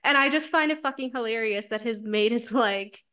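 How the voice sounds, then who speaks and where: A woman co-hosting a casual book podcast, animated, acting out characters' lines with frequent laughs and swearing. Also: on the high side, a little fast, clean tone. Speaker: podcast co-host.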